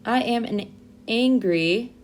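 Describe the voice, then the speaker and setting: A young adult woman teaching an English vocabulary lesson to learners, modeling phrases slowly and clearly for them to repeat. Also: fairly high pitch, slight background noise.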